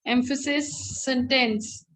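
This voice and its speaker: A woman's voice: high-pitched, fairly even intonation, slow, fairly bright tone, rough recording. A woman teacher with an Indian English accent, leading an online English class and encouraging her students, sometimes switching into Hindi. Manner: encouraging, mixes in Hindi phrases.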